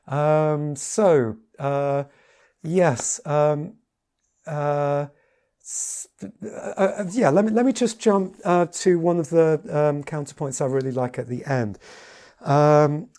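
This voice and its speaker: A man giving a casual piano lesson, talking in a halting way with many repeated words and fillers. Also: on the high side, warm tone. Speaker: piano teacher. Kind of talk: casual spoken tutorial. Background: piano playing between remarks.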